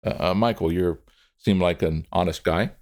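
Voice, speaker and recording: A man's voice: low voice, moderate pace, darkish tone. A man telling a dramatic story to an audience, addressing its members directly. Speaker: storyteller, speaker.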